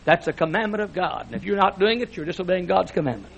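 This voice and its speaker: A male preacher delivers a fiery church sermon. His voice is husky and sits fairly high. He swings from shouting to near hush and repeats words to press each point. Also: animated, fast talker, hardly any pauses, highs cut off. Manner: swings between shouting and hushed speech; emphatic repetition. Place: church sanctuary before a congregation.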